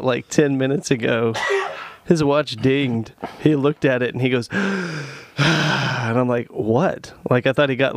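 A man's voice: mid-range voice, no room sound. Joking, rambling male podcast co-host. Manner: joking, sarcastic storytelling; rambling with many fillers. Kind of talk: casual chat.

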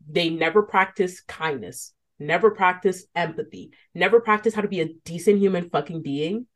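Young woman co-host, casual podcast chat, candid, animated, slightly low voice. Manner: candid, animated, ranting with laughs.

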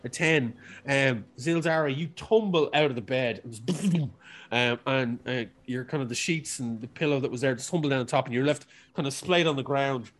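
A man's voice: mid-range voice, moderate pace. A man narrating as game master in a tabletop game, loose and rambling with many fillers.

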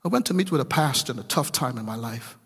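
A man's voice: medium pitch, expressive, fast, in a large hall. A man preaching a sermon as a pastor, with emphatic delivery and a storytelling manner. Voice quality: gravelly, husky.

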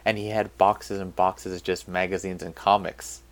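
A man's voice: low-pitched, flat delivery, normal speed. A man co-hosting a podcast, talking in an easygoing way with hesitant starts. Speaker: podcast co-host. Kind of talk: casual chat.

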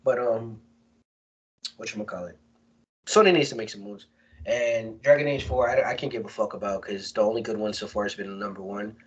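Slangy, animated man chatting. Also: lowish voice, fairly quick, muffled recording. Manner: animated, slangy, swears a lot. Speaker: podcast co-host. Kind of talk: casual chat.

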